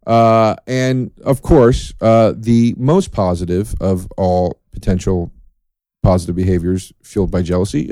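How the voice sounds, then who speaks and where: A man hosting a solo podcast, talking in a profane, sardonic, rambling way with dark jokes. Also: low-pitched, steady tone, measured pace, dry recording. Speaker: podcast host.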